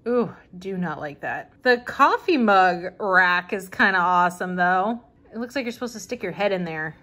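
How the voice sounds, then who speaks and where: A woman's voice: fairly low pitch, expressive, moderate pace, pushed and bright. Chatty, amused woman flipping a catalog. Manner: chatty and amused, laughing often and reading bits aloud. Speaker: vintage reseller and channel host. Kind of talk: casual commentary while flipping through an old catalog.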